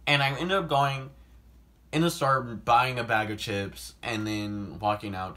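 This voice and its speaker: In a casual vlog, a young man with a fairly low-pitched voice tells a personal story, talking animatedly and swearing a lot. His speech is packed with "like," and he breaks into sudden loud outbursts.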